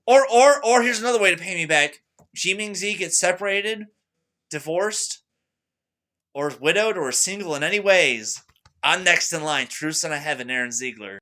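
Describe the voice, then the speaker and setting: Young guy ranting to his camera, bright forceful voice a bit high, hypes himself up then drops low. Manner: excitable, boastful, swings loud and soft. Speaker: vlogger. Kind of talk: rambling monologue to camera.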